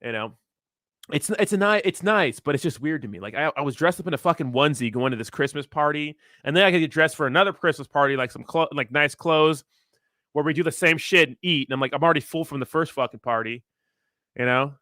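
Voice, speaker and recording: A man's voice: a little high, quick pace, sharp tone, no room sound, studio quality. A man in his thirties hosting a casual livestream, chatting with his viewers in a rambling, profane, laid-back way and laughing often. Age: 30s. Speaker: crypto streamer reading chat.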